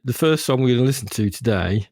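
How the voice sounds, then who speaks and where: A man's voice: medium pitch, expressive, fast, darkish tone, a little hiss or hum. A man, co-hosting a podcast in a rambling, good-humoured casual chat. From Derby, England. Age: 50s. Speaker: podcast co-host.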